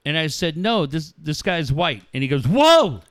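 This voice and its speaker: A man's voice: on the high side, moderate pace, a little hiss or hum. A middle-aged man co-hosting sports radio, telling stories with acted-out quotes and frequent swearing. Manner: animated storyteller, swears freely, acts out quotes. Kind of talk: casual sports radio chat.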